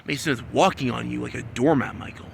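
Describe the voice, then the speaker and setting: A man in a rambling solo monologue, repeating himself and swinging between low muttering and loud, insistent scolding. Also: fast, gravelly, slight background noise. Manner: repetitive, talks about himself in the third person. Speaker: vlogger.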